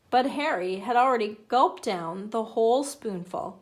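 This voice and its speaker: A woman reads a children's picture book aloud with playful, animated expression. Her voice sits a little high and swings widely in pitch. She keeps the pace slow and easy to follow. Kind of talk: children's story read-aloud.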